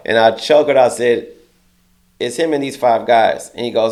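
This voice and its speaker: Speaking at a moderate pace in a medium, slightly mellow voice, this male interview guest spins an animated, foul-mouthed yarn. Whenever he quotes someone, he raises his voice and gets heated.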